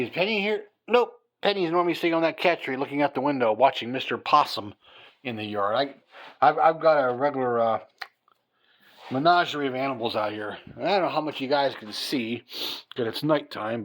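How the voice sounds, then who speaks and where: A worn-out man chats loosely to a phone camera on a mount, at home at night. He rambles with plenty of ums and restarts, speaking at an everyday mid pitch. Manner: rambling and tired, many fillers and restarts. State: tired. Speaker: hobby channel host. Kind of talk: casual chat to camera.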